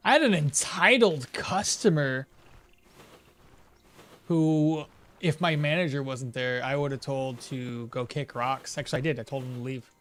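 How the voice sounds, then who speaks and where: A young man streaming a survival game, chatting loosely and telling a profane story with sudden loud outbursts. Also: medium pitch, unhurried. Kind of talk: casual gameplay commentary.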